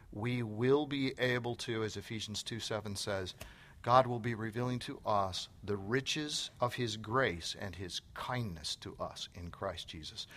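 On a church stage, a man with a mid-range, fairly bright voice preaches earnestly and emphatically, often quoting scripture. This Bible teacher then moves into answering questions in an onstage conversation.

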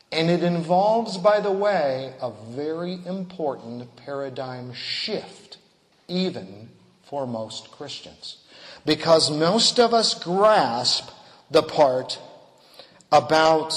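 Slow-speaking preacher in a reverberant hall. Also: male voice, a little high, animated. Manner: slow, deliberate delivery with emphatic swells and quiet trailing endings. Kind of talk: sermon.

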